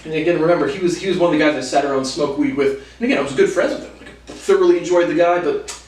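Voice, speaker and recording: A young man hosting a casual monologue recounts college stories with profanity and sardonic humor, laughing between lines. His voice is fairly high and sits far from the mic. Expect a roomy echo and faint noise, with the voice off-mic.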